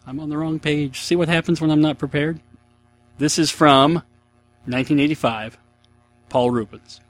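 A man's voice: fairly high pitch, normal speed. A man in his thirties hosting a casual solo podcast, chatty, rambling and self-mocking. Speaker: podcast host.

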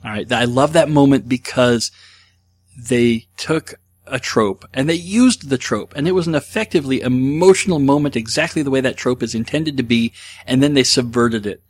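A man at middle pitch hosting his own podcast, talking loosely and chattily. He wanders from thought to thought, full of fillers and side remarks. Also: no echo. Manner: rambling and chatty, with many fillers and asides. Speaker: podcast host. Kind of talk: casual podcast monologue.

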